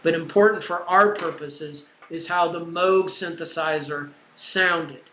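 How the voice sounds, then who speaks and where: A man's voice: on the high side, measured pace, bright, forceful tone, slight background noise. Chatty man lecturing in an echoey room. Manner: conversational, digressive lecturing with fillers. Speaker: music professor. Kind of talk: classroom lecture. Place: classroom.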